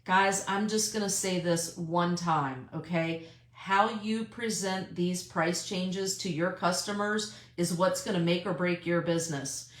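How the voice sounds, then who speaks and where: A woman's voice: fairly low pitch, measured pace, echoey room. A woman talking casually and emphatically to her sales team in a live video from her car, repeating her key points. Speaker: direct sales team leader.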